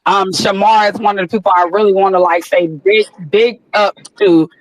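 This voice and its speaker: A woman's voice: mid-range voice, fairly even intonation, no room sound, rough recording. Effusive, profane woman. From Atlanta, USA. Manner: effusive, profane, drawn-out words. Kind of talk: casual chat on an audio chat room.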